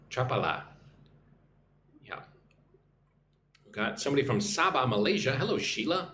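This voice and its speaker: A man's voice: medium pitch, big pitch swings, moderate pace, pauses often, pushed and bright, reverberant, slight background noise. A man who teaches English online, chatting on a live stream, reading out viewer comments and greeting them in their own languages. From United States.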